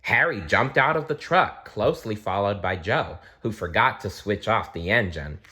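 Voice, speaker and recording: A man reading a children's storybook aloud, gently and with small restarts. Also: fairly low pitch, expressive, moderate pace.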